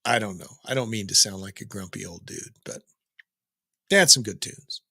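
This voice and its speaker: A man's voice: lowish voice, moderate pace, creaky, pushed and bright, husky, dry recording, clean studio sound. A middle-aged man hosting a daily rock news update, chatting casually with jokes and digressions. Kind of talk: casual rambling commentary.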